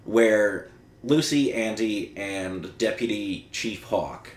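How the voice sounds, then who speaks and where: A man's voice: lowish voice, takes it slowly. A man hosting a podcast in casual chat, recapping the plot with lots of fillers and the odd blunt swear. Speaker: podcast host. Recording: roomy echo.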